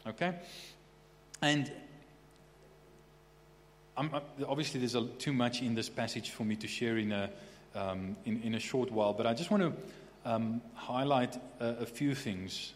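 A man's voice: medium pitch, measured pace, long pauses. A man preaching a sermon in a conversational way, often restarting words and checking in with the listeners. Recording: echoey hall with faint hum.

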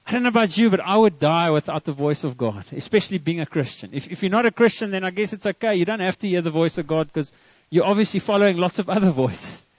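A man's voice: sits high, animated, fast, hardly any pauses, dry recording, highs cut off. A man preaching a sermon to a church congregation, earnest and often repeating words as he starts a line. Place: church service.

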